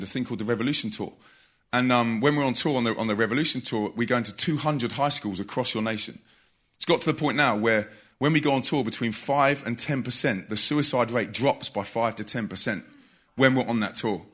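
A man preaching to a live audience, telling a story with energy and loud bursts of emphasis. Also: mid-range voice, fairly quick, slightly rough. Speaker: youth evangelist.

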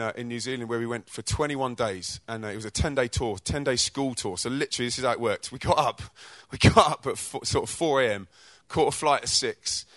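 Rapper with a mid-range voice, recorded dry, giving a high-energy, story-driven church talk. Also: male voice, dry recording. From England. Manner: energetic, chatty storytelling with slang and quick restarts. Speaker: Christian rapper and charity co-director. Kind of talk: informal testimony talk to a church audience.

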